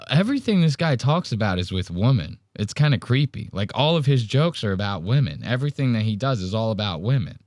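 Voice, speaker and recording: A man's voice: mid-range voice, dry recording, studio quality. A man hosting a podcast, reacting to clips in a casual, incredulous, rambling way, quoting the chat and mimicking people. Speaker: podcast host.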